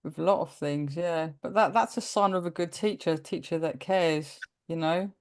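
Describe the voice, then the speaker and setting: A woman's voice: lowish voice, moderate pace. A woman, a primary teacher of Greek descent, telling stories in a casual interview and acting out the dialogue. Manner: animated storyteller, acts out quoted dialogue, laughs often. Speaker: guest teacher.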